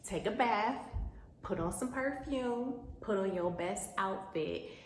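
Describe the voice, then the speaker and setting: A woman's voice: medium pitch, expressive, slow pace. Woman doing a bossy older woman, scolding and scheming; roomy sound with a faint hum. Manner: blunt, scolding, sassy.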